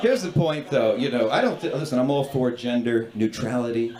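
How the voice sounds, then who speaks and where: A man's voice: mid-range voice, brisk, crowd noise. A man performing a stand-up comedy set on a club stage, telling stories and acting out the people in them in put-on voices. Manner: animated, acts out characters in voices. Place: comedy club stage before a laughing audience. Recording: roomy club with loud audience noise.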